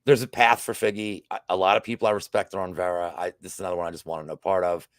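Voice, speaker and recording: A man's voice: deep voice, flat delivery, quick pace, dry recording. A man hosting a betting podcast, chatting casually through fight picks with rambling restarts and profane asides. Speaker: sports betting podcast host.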